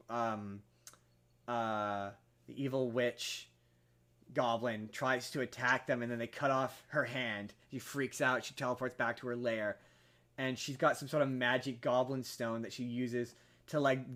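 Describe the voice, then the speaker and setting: A man on a podcast, casually retelling a film plot in a rambling way with many restarts, jumping into high voices for quoted characters. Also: fairly bright tone. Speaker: podcast host.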